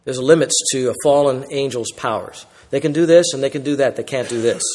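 A man preaching an emphatic sermon as a pastor, swinging between loud declarations and quiet asides. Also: medium pitch, a little fast, few pauses. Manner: emphatic preaching, rising and dropping in loudness. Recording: long reverb in a large hall.

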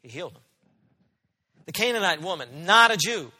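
Pastor guy preaching, earnest and pushy, bright sharp voice, big echoey hall. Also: high-pitched, expressive, moderate pace. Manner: earnest, emphatic, asks the congregation questions. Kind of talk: sermon.

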